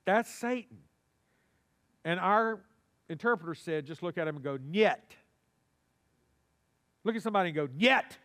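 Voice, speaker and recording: Preaching a little fast and pausing often, a male pastor addresses his congregation in a church sanctuary. He has a fairly high voice for a man and an animated, folksy manner, regularly prompting the people to answer back.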